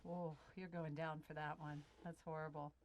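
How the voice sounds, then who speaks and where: A woman on the crew, bantering off camera with the host and teasing him with quick comebacks. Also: deep voice, little pitch movement, dry recording. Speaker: crew member.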